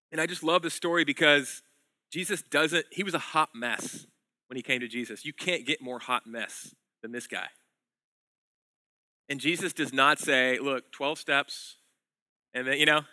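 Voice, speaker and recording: A man preaching a sermon as pastor, telling a story in a conversational way and swinging between loud emphasis and hushed lines. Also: mid-range voice, no echo.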